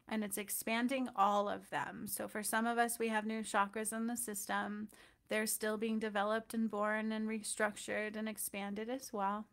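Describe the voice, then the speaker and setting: Woman, energy healer, guided meditation; middle pitch, gravelly fry, soft and rambling delivery. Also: little pitch movement, normal speed. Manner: soft, unscripted, with fillers and gentle check-ins.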